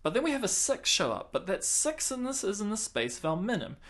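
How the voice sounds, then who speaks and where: A man's voice: high-pitched, big pitch swings, a little fast, fairly bright tone. A man teaching a clarinet lesson in a casual, chatty way, counting and singing the beats aloud and laughing at himself.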